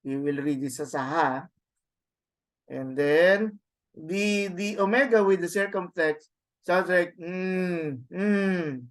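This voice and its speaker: Male language teacher, online class, slow and halting delivery, slightly high voice, many fillers. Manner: slow, explains step by step. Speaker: Greek teacher. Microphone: video call.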